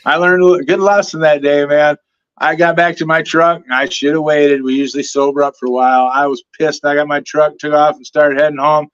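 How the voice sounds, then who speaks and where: A man from the Detroit area chatting as a guest on a podcast, telling lively stories and acting out what other people said. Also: a little high, a little fast, clear, resonant tone, highs cut off. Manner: storytelling, animated quoting of others. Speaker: guest superfan. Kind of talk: casual podcast chat.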